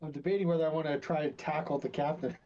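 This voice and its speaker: A man's voice: fairly high pitch, steady tone, fast talker, mellow, a little hiss or hum. A man playing a tabletop game over a call, easygoing and a little hesitant. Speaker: player. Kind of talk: casual game chat. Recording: dull lo-fi mic.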